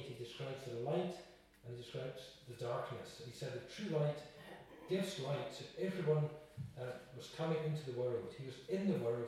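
A man's voice: mid-range voice, a little mellow. A man preaching a sermon, earnest and full of repeated rhetorical questions, in a church. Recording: echoey hall, distant mic.

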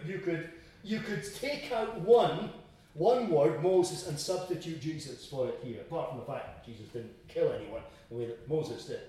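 A man's voice: on the high side, dark tone. A man preaching an expository sermon, emphatic and repeating phrases for stress. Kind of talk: sermon, expository Bible teaching. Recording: echoey hall, distant mic.

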